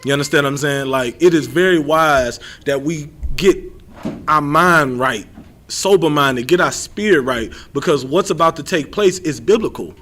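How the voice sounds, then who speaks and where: High bright-voiced young male street preacher, animated, rambling livestream teaching. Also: normal speed, slight background noise. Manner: animated, rambling, repeats himself.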